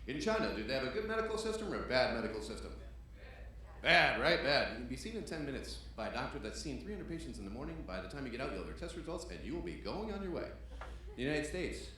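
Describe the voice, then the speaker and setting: Animated man doing stand-up in a club. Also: mid-range voice, fast. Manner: animated, shouts punchlines, acts out dialogue. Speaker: stand-up comedian. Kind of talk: stand-up set. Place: comedy club stage. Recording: roomy club sound with audience laughter. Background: audience laughter.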